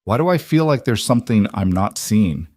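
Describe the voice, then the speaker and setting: Man doing a tired careful single dad, earnest, low voice, dry close sound. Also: lively intonation, moderate pace, dry recording. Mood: wary. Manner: cautious, earnest, gently tender. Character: wary, weary single father.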